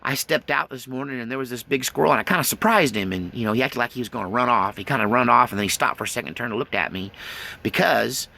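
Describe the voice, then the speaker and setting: A man's voice: medium pitch, fast, gravelly, bright, forceful tone. A middle-aged man vlogging in a casual, rambling, folksy way, with plenty of fillers. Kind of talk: casual chat to camera.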